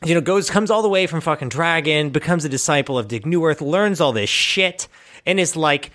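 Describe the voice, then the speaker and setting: Animated young-sounding male player, raised pitch, profane, bursts of laughter. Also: normal speed. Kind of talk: casual tabletop game chat.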